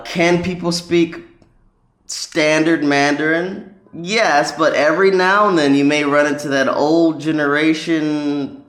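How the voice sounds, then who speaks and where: Man, casual vlog talk, rambling with ums, mid-pitched voice, echoey room. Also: a bit bright. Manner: rambling, many ums and restarts. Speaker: language learning vlogger. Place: lives in a city in northern China.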